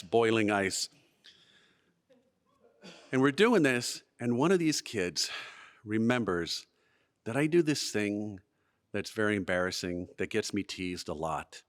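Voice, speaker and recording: A man entertains a live audience at a museum event space with a humorous childhood tale. His voice rises sharply as punchlines approach and sinks during the bleak moments, showing lively delivery and the comic timing of someone who knows how to work a room.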